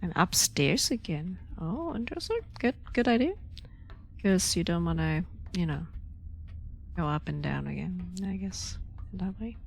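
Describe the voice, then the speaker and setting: A young woman streaming a horror game, reacting out loud, swearing often and dropping to whispers. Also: fairly low pitch, unhurried, gravelly. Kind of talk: live game commentary.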